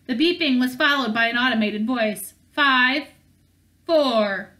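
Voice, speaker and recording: A woman reading a novel aloud in a steady manner, with small slips and restarts along the way. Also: a little high, fairly quick. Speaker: audiobook reader.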